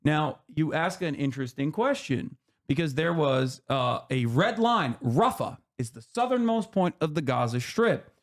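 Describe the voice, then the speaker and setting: Male streamer host, casual commentary, emphatic, swears a lot, slightly higher pitch. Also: expressive, unhurried. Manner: heated, swearing, emphatic rants.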